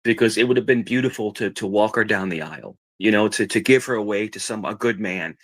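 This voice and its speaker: Speaking at a fairly low pitch and a little fast, a middle-aged podcast guest chats casually about his family. He rambles, repeats himself, and performs the quoted voices in his stories.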